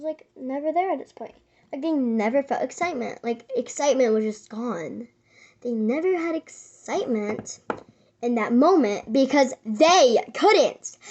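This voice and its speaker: A woman vlogger retelling a sad event in casual chat, rambling with many fillers and restarts and sometimes dropping to a whisper. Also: high-pitched. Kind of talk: casual storytelling.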